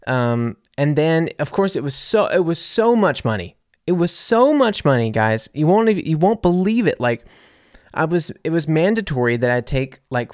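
A young American man from Louisiana, telling a story in a casual, animated way with sarcasm and plenty of fillers and restarts. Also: on the high side, no room sound, clean studio sound. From Louisiana, USA. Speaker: podcast host reading listener comments.

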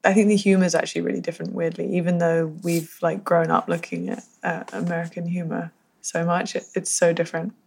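Lowish-voiced British woman, halting and wry. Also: level tone, gravelly, darkish tone, a little hiss or hum. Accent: British English. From Britain. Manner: hesitant, many fillers and restarts, dry humor. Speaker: interview guest, photographer. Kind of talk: casual interview conversation.

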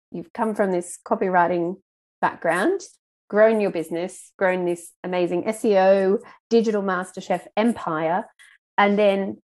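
A woman's voice: medium pitch, darkish tone. A woman hosting a podcast interview, introducing her guest with enthusiasm. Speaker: podcast host.

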